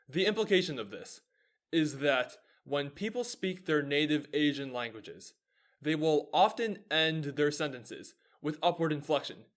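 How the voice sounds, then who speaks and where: This is the young adult host of his own video show, an American man whose fairly bright, higher-pitched voice carries an upbeat, lecturing tone. He talks in a lively, explanatory way.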